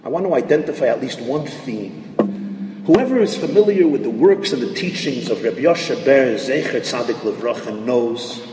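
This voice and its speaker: A man giving a lecture on Jewish thought, dense with Hebrew and Yiddish terms, swinging from hushed tones to shouted emphasis. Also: mid-range voice. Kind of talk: lecture to an audience. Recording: echoey hall from far off, faint noise.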